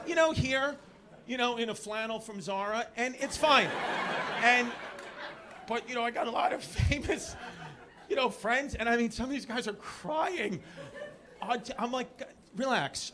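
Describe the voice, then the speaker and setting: A man from New doing live stand-up comedy in a club, rambling and self-deprecating while teasing the crowd. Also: very high-pitched. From New York. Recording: live club, loud audience and room noise.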